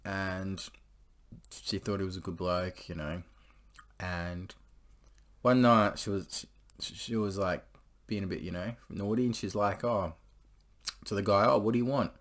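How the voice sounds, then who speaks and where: A man's voice: sits low, steady tone, a little slow, pauses often, fairly bright tone. A man casually telling crude stories, rambling, swearing freely and laughing as he goes. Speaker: storyteller host.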